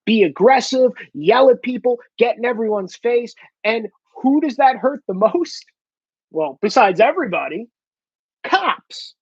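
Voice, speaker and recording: A man's voice: very high-pitched, lively intonation, a little slow, breathy edge, no echo, lo-fi sound. A man in a blunt, profane ranting monologue, swearing heavily for emphasis. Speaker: commentator.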